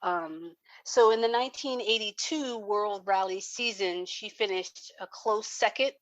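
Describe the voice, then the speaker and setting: A woman's voice: mid-range voice, unhurried, no room sound, low-quality recording. A woman co-hosting a car talk show, chatty and casual, reading facts with many ums. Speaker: co-host.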